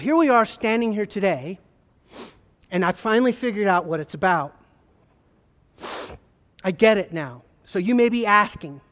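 High-voiced man testifying in an echoing hall. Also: a bit bright. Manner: earnest, halting storytelling with repetitions. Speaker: former state trooper giving his testimony. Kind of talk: emotional personal testimony to an audience. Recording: long hall reverb.

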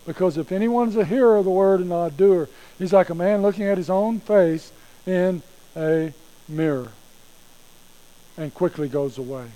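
Folksy preaching man, mellow and mid-high. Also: moderate pace, poor audio. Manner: folksy, conversational preaching with repetitions. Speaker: pastor. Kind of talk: sermon.

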